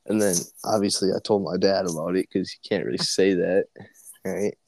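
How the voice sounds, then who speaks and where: A man's voice: deep voice, normal speed, gravelly, no echo, rough recording. A man co-hosting a casual podcast, telling stories with lots of laughter. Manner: animated storyteller, laughs between lines. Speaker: podcast co-host. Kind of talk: casual chat, storytelling.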